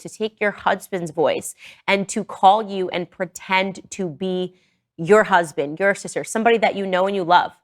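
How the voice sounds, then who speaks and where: A woman hosting a podcast, giving earnest and urgent commentary that warns her listeners. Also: mid-range voice. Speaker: podcast host. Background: played in a reaction video.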